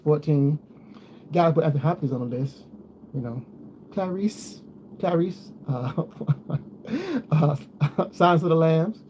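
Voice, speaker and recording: Rambling man in a lo-fi home vlog. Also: on the high side. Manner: rambling, repeats himself, talks to viewers. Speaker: vlogger. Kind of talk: casual chat. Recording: dull lo-fi sound with faint noise.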